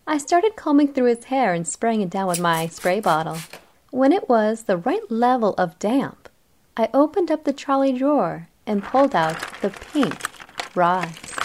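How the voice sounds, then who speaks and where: A woman reading a first-person story aloud in a cheerful, playful and teasing manner. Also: mid-range voice. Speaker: narrator.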